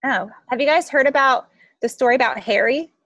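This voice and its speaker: A woman's voice: high voice, fairly quick, a bit bright, no echo, dull audio. Chatty woman coaching a team call. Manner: chatty, acts out quoted voices, many likes and ums. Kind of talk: coaching call, casual storytelling.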